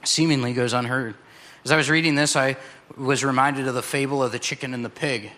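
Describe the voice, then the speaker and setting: A male pastor preaching a passionate sermon, slowing down to drive points home. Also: medium pitch, fairly even intonation, bright, forceful tone. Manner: passionate, slows down for emphasis.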